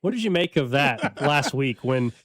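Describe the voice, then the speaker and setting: A man's voice: medium pitch, very animated, normal speed, a bit bright, no room sound, clean studio sound. A man hosting a sports radio show, bantering and teasing and leading into the next segment. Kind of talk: casual banter. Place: radio studio.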